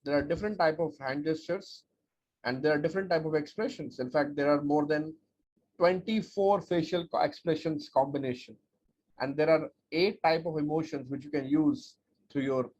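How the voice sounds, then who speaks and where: A man giving an energetic, emphatic webinar talk as a speech coach, with lots of rhetorical repetition. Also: fairly high pitch, moderate pace. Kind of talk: webinar presentation. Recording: dull lo-fi audio with faint noise.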